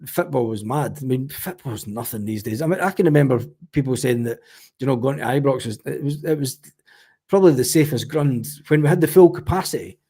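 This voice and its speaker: A Scottish man with a husky, slightly rough voice, telling anecdotes in a relaxed podcast chat. He talks in an animated way and swears freely. His pitch sits in an ordinary middle range. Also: brisk. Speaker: podcast guest or panelist.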